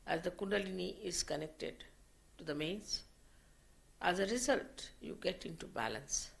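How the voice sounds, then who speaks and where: A woman giving a slow, deliberate spiritual lecture, in a 1990 archive recording. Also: fairly low pitch, gravelly. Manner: slow, deliberate teaching with rising emphasis. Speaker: spiritual teacher.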